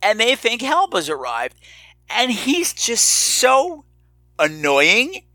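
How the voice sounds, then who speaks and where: A man hosting a podcast, giving a casual movie review in an animated, playfully exaggerated way. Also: very high voice, slow pace, no echo, soft background music. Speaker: podcast host.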